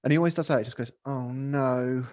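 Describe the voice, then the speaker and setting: A man's voice: on the high side, very fast, darkish tone, breathy edge, no echo. A man in his thirties co-hosting a casual podcast over a video call, swearing freely and acting out exchanges with his kids. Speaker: podcast co-host. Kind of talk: casual chat. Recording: dull, dry video call audio.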